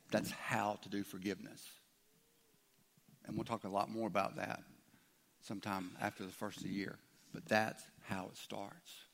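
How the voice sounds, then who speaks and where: A man's voice: on the low side, level tone, a little slow, creaky, long pauses, fairly bright tone. A man preaching a conversational sermon as a pastor, voicing imagined objections from his listeners.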